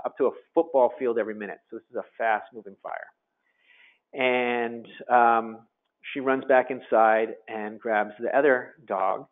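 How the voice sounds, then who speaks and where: A middle-aged man, an emergency physician, telling a personal story to an audience in a halting way with many fillers. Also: on the low side. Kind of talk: presentation talk. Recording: phone-like narrow sound.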